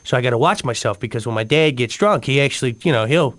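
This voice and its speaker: A man's voice: medium pitch, expressive, fast, fairly bright tone. A man co-hosting a comedy radio show, telling rambling stories with sudden emotional swings. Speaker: radio co-host. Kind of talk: comic radio storytelling.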